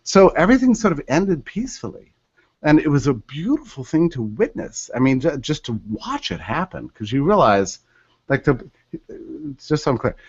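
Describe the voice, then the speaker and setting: A man's voice: fairly high pitch, normal speed, slightly rough, no echo. Storytelling man, dry dull audio. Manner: animated, acts out quoted voices. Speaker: podcast guest. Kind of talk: storytelling in a podcast interview.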